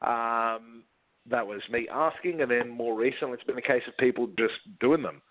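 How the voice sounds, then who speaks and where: A man's voice: mid-range voice, normal speed, no echo. A man with an Australian accent, talking brashly and cheekily as a guest on a phone interview. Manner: brash, cheeky, laughs often. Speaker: guest recruiter. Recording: tinny phone line.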